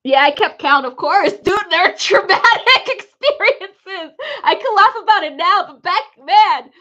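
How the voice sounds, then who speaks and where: A woman's voice: very high-pitched, animated, measured pace, bright, forceful tone, dull audio. A woman hosting a live psychic reading stream, telling rambling stories in casual chat, laughing often and swearing freely.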